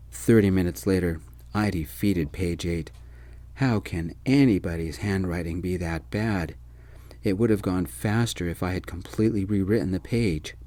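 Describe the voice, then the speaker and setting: Deep-voiced soft-spoken storytelling man. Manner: gentle, first-person narration.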